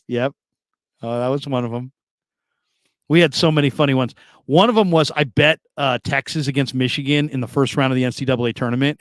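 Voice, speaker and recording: A man's voice: medium pitch, clear, resonant tone, no echo. A man hosting sports talk radio, reading listener comments in a loose, rambling way with plenty of laughs and repeated phrases.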